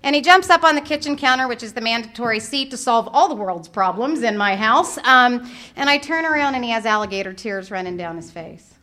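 A middle-aged woman with a slightly high voice speaks a little fast at a recovery workshop. She tells a story with humor, animated and acting out her own thoughts.

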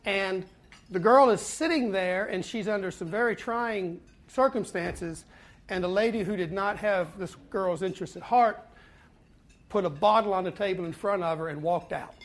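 Earnest man telling his recovery story. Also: high-pitched. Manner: earnest storytelling with pauses and repeats. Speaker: speaker at a twelve-step fellowship meeting. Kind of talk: personal recovery talk to a meeting.

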